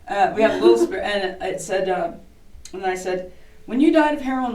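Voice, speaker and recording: A woman's voice: medium pitch, a little fast, a little mellow. A woman giving a guided tour, a chatty, jokey storyteller who talks a lot. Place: inside an old historic building. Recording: roomy, distant camera mic.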